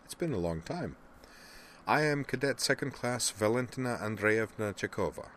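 A man's voice: fairly low pitch, expressive, normal speed, a bit bright, slight background noise, voice pushed up. A man doing a mischievous young woman cadet with a light Russian accent. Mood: playful. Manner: light, twinkling, formal.

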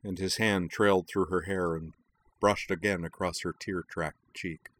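A man reading a story aloud as its narrator, in calm, even scripted narration. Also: low-pitched, unhurried.

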